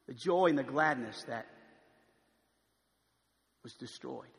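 A man preaching a sermon, swinging between hushed pleading and loud proclaiming, recorded in a large church. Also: medium pitch, takes it slowly, vocal fry, pauses often. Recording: long hall reverb.

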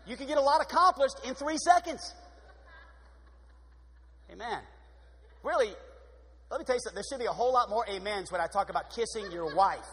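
A man with a high voice preaches an animated sermon in a church sanctuary. He swings between loud, excited bursts and soft, prayerful asides. The sound carries the long echo of a large hall. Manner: animated, shifts from loud exclamations to hushed prayer voice.

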